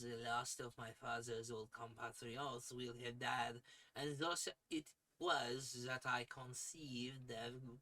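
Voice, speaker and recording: A man voicing a scheming male space tyrant who plots to conquer the Earth, in a put-on French accent and a slow, grandiose manner. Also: mid-range voice, pushed and bright, poor audio. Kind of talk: dramatic reading of pulp fiction.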